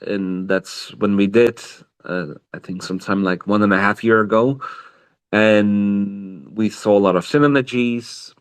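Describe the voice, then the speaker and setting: A man with a lowish voice speaks in a loose, halting way, pausing on fillers and restarting his sentences. He answers interview questions over an online voice call in a relaxed, casual manner. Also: smooth. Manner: hesitant, many fillers and restarts. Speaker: project co-founder, guest. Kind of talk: casual interview answers on a live audio chat.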